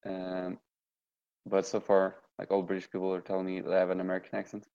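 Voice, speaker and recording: A man with a low, gravelly voice co-hosts a laid-back hobby podcast. He talks loosely, with lots of fillers and swearing. His lo-fi microphone makes the sound dull. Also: fairly quick. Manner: relaxed, swears a lot, fillers like "like" and "uh". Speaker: podcast co-host. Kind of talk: casual hobby podcast chat.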